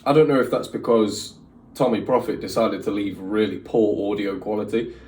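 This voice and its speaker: This reaction channel host has a fairly low, darkish voice and speaks at normal speed in a steady tone. His opinions come out in a casual, rambling way, heavy on fillers, recorded with roomy echo, a distant mic, and faint music behind him.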